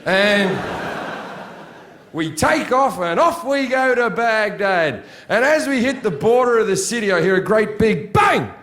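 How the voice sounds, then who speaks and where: A man's voice: high-pitched, sing-song, unhurried, fairly bright tone. A man doing stand-up, telling a story in a crude, sardonic way and acting out the scenes. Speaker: stand-up comedian.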